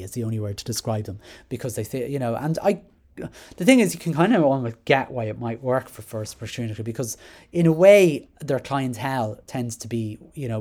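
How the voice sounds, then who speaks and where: A man with an Irish accent reading through a news article and commenting on it, animated, sarcastic and exasperated, often restarting his sentences. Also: medium pitch. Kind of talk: casual spoken commentary.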